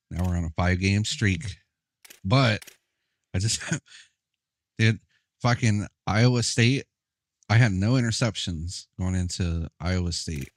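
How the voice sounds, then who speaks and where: A man's voice: sits low, slow pace, pauses often. A young man chatting casually while playing a football video game, laid-back, profane and often laughing. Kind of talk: casual gameplay chat.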